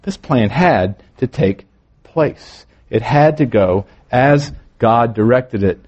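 A male pastor preaching a morning sermon, moving between emphatic lines and quieter, drawn-out phrases. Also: mid-range voice, lively intonation, slightly rough, highs cut off.

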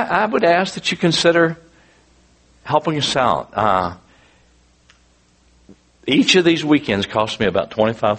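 Male preacher, husky voice, lively swooping pitch, earnest storytelling sermon. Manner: earnest, animated storytelling with frequent restarts. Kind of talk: sermon with personal testimony.

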